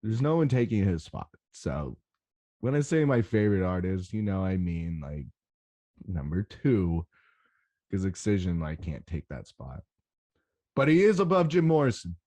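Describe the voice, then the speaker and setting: A young man hosting a rave podcast, talking in an excitable, rambling way and swearing often. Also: sits low, unhurried. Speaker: podcast host. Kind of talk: casual solo podcast recap.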